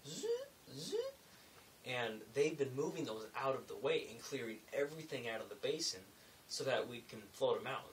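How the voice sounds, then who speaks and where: A young man telling a rambling, animated story in a casual vlog, full of asides and self-corrections. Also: fairly low pitch, distant mic, a little hiss or hum, rough recording. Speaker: vlogger.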